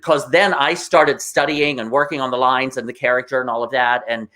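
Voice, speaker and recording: A man as a guest on a talk show, telling stories in an animated, emotional way and acting out the voices of the people in them. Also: medium pitch, fairly quick. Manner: excitable, emotional, acts out voices in anecdotes. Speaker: guest performer. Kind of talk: animated interview storytelling.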